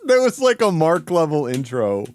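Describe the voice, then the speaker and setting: A man's voice: on the high side, normal speed. A man hosting a live stream, chatting casually and joking while reacting to videos. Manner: laughing, joking, lively. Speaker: stream host.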